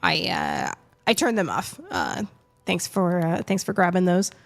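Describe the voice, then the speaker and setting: A young woman reading a novel aloud on a live stream, expressive in the reading and chatty between chapters. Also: on the low side, a little slow, vocal fry. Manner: expressive reader, chatty and self-amused when talking.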